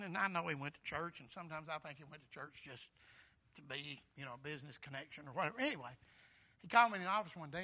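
Bright-voiced preacher man. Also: fairly high pitch. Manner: folksy storytelling, rising to loud emphatic bursts, frequent "Amen?" asides. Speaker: pastor. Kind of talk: sermon.

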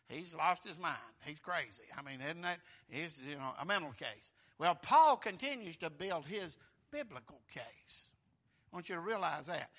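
A middle-aged man preaching a sermon, moving from quiet, conversational explanation to shouted fervor, repeating phrases and calling out "Amen?" to the congregation. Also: high voice.

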